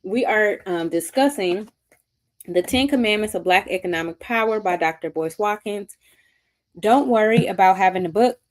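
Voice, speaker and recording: With a medium-pitched voice at normal speed, a book club host runs a live-stream discussion, reading aloud from the text. She chats upbeat and gushing with her commenters, replying to what they write.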